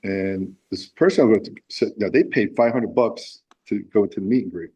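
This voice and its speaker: Low-voiced man telling a rambling story. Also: moderate pace, warm tone, dull audio, a little hiss or hum. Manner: rambling anecdotal storytelling with restarts. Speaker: musician guest. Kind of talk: casual interview storytelling.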